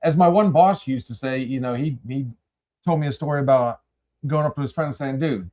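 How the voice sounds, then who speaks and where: A man's voice: medium pitch, fairly quick, mellow. A man hosting a casual podcast chat, rambling and repeating words as he addresses his listeners. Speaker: podcast host.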